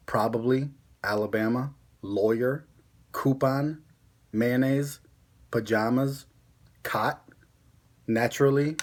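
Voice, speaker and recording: A young man with a Connecticut accent, chatting casually on a vlog in a rambling, self-mocking way. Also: medium pitch. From born in Mexico, raised in Connecticut. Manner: rambling, chatty, laughs at himself. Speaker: ASMR vlogger. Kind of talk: casual chat.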